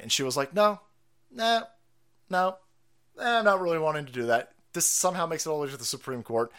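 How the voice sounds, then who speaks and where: Male stream host: sarcastic, profane rant, slightly high voice. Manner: foul-mouthed, sarcastic, swings from mutters to shouts. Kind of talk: ranting political commentary.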